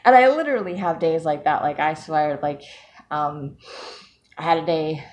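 A woman's voice: deep voice, moderate pace, a little mellow. A woman talking casually to camera in a personal vlog, chatty and self-mocking, laughing often. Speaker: vlogger.

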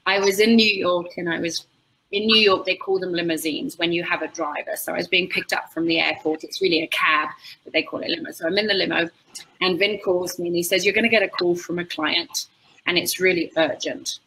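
A woman's voice: fairly low pitch, slight background noise, poor audio. A woman, an animal communicator telling stories in conversation and acting out what clients say. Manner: expressive, acts out quoted clients. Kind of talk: conversational storytelling.

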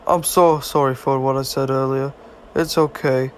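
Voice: medium pitch, fairly even intonation, moderate pace, a little hiss or hum. A performer voicing a caring teenage girl in a fan comic voiceover, tacking on a silly catchphrase and bits of British slang. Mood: reassuring.

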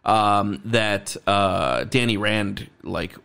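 A man's voice: lowish voice, drawn-out words, vocal fry, sharp tone, clean tone. A man co-hosting a podcast, talking casually and agreeably about a movie, with easy swearing. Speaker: podcast co-host. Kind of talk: casual movie review chat.

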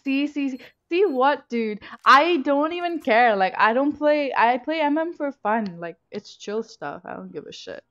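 A woman's voice: high-pitched, expressive, normal speed, few pauses, highs cut off. A young woman streaming a shooter game, chatting casually and swearing freely into a headset mic, shrieking when she misses a kill. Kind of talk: casual live gameplay commentary. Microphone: gaming headset.

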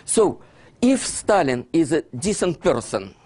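A husky-voiced man with a Russian accent delivers a lecture, his pitch swinging widely as he acts out exchanges. He speaks English as a second language, dropping articles, and keeps checking in with his listeners. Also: sing-song, slow pace, darkish tone. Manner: non-native grammar, drops articles; acts out dialogues between historical figures. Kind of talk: animated lecture.

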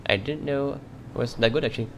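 A man's voice: mid-range voice, fairly quick, vocal fry, a bit bright, a little hiss or hum. A man commenting on his gameplay in a put-on Russian accent, playing a stern border guard. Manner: curt, stern official tone toward game characters. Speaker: let's play gamer.

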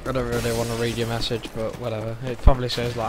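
A young man casually commentating his own gameplay, excitable and sweary, gasping and shouting at what happens on screen. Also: medium pitch, fast, vocal fry, very noisy. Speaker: gaming commentator. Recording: loud gunfire behind the voice.

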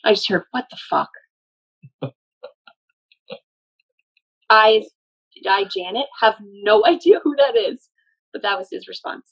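A woman's voice: mid-range voice, slow pace, long pauses. Woman medium relaying messages, earnest and explanatory, muffled recording. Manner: earnest, explanatory, often laughing. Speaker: medium channeling a spirit. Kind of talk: relaying messages in casual conversation.

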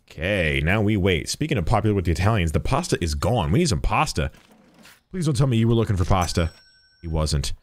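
A man's voice: low-pitched, sing-song, brisk, dry recording. A young man streaming a game, chatting playfully as he plays a shopkeeper and jokes with customers. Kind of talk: let's-play commentary.

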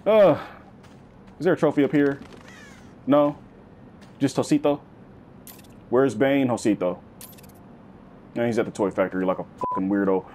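A man giving casual, slangy let's-play commentary, swinging between high yelps and low growls. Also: a little hiss or hum. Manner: animated, slangy, swings into high-pitched bits and deep growls. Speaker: gaming YouTuber.

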